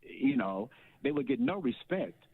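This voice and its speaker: A man's voice: mid-range voice, very animated, a little slow, no room sound. Indignant male caller on a tinny phone line. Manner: indignant, rambling. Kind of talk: call-in conversation. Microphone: telephone.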